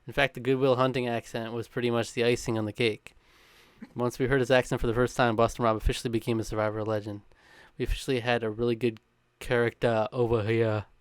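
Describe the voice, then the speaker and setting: Brisk man reading a countdown. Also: medium pitch, level tone, smooth, no room sound. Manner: brisk, chuckling between lines. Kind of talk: scripted read with casual chat.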